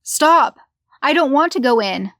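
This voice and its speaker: A woman's voice: high-pitched, expressive, unhurried, a bit bright, no room sound, studio quality, pitched above the performer's own voice, exaggerated voice. A woman voicing a desperate middle-aged mother in a horror story reading, pleading and strained.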